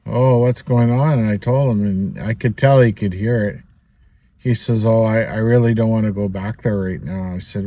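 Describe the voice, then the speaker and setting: Low-voiced man telling a rambling story. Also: warm tone, dry recording. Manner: rambling, chatty, peppered with "you know" and little laughs. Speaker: vlogger. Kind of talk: casual storytelling monologue.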